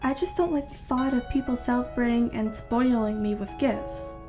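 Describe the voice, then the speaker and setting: A woman voicing an eager young woman character who speaks brightly in a fan-fiction reading. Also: fairly high pitch, fairly even intonation, moderate pace, over music, natural voice. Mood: plain. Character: excitable young woman, the listener.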